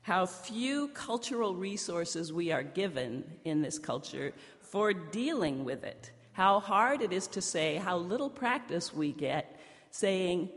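Storytelling woman pastor, gravelly voice. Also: lowish voice. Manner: conversational storytelling, lively in the punchlines. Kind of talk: sermon with a personal story. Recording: long hall reverb.

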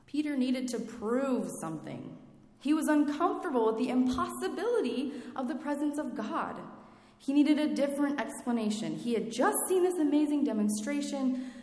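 A woman with a slightly high voice delivers a reflective sermon and asks her listeners questions. Her voice fills a large, echoing hall with a long reverb tail. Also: animated, moderate pace, dark tone. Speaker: preacher.

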